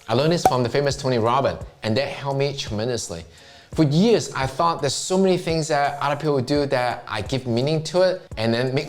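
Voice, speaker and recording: A middle-aged man with a Chinese accent, giving an earnest motivational talk as a self-help vlogger and often asking himself questions. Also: medium pitch.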